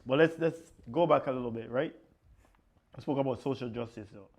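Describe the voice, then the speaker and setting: A man hosts a podcast at a middle pitch. He asks questions in a relaxed, easygoing way and drops short agreeing murmurs while his guest talks. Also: brisk. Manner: laid-back, loose questions and agreeing murmurs. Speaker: podcast host. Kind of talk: casual chat.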